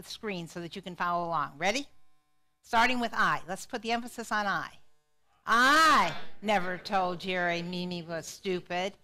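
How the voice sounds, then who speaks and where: A middle-aged woman psychologist giving a lively, interactive talk to a live audience, often putting questions to the crowd. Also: fairly high pitch. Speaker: psychologist and speaker.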